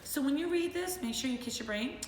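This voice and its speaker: A woman's voice: sits high, a little fast, slight background noise. Middle-aged woman teacher, bouncy sing-song voice for little kids, echoey room with a long tail. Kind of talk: remote class lesson for young children. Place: home. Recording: roomy echo with faint ambience.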